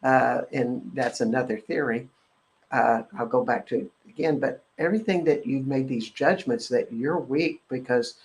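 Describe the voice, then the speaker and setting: A man hosting a live energetic clearing session, repeating a chant-like clearing phrase and talking in a halting way with many fillers. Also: medium pitch, low-quality recording. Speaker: host and energy-clearing practitioner. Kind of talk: guided energetic clearing talk on a live show.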